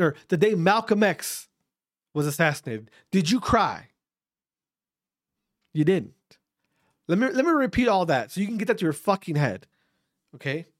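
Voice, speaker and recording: A speaker ranting straight to camera in a slow, deliberate delivery. The pitch swings widely as they hammer home repeated rhetorical questions. The tone stays blunt, with swearing for emphasis. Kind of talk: opinion rant to camera.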